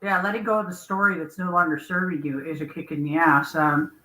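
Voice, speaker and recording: A woman's voice: sits low, fairly even intonation, brisk, bright, forceful tone, roomy sound, rough recording. A woman, the guest on a casual live-stream chat, talking bluntly and playfully and swearing casually.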